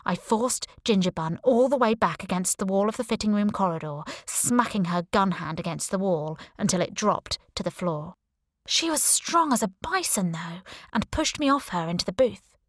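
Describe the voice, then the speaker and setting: Low-voiced woman narrating, wry and dry. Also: dry recording. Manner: wry, sarcastic storytelling. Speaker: audiobook narrator. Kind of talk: first-person scripted narration.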